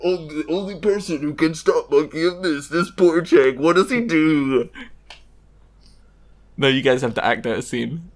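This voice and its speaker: A man with a slightly high voice banters and jokes through a casual comedy chat. He sets up scenes quickly and teases his co-hosts. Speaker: podcast co-host.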